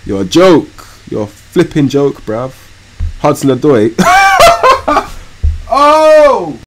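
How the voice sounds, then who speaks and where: Excitable young streamer, lively pitch. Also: male voice, a little slow, very noisy. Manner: excitable, swings from low muttering to loud yelling, swears a lot. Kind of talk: live game commentary.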